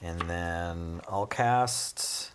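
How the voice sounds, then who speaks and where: A man's voice: low voice, drawn-out words, background noise. A man chatting casually as he plays a card game on a stream, explaining each rule step by step and laughing easily. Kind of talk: casual chat while playing a card game.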